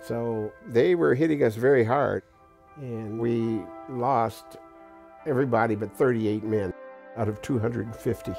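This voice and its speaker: A man's voice: medium pitch, unhurried, creaky, over music. An elderly man in his eighties, a war veteran, recounting his experiences in a blunt, plain-spoken documentary interview. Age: 80s. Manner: plain-spoken, blunt storytelling with occasional profanity.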